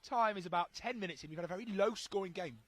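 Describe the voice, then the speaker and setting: A man giving lively, jokey play-by-play commentary on a match. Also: high voice, fast talker. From United Kingdom. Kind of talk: live sports commentary.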